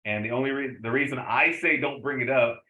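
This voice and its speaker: A man's voice: medium pitch, fairly quick, bright, forceful tone. A middle-aged man giving a casual lecture on resume writing, rambling with many fillers and self-corrections. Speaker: instructor. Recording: roomy, slightly dull home recording.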